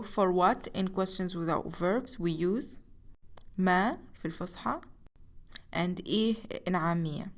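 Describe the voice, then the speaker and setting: A woman giving a recorded language lesson, explaining slowly and mixing English explanations with examples. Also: mid-range voice. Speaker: language teacher.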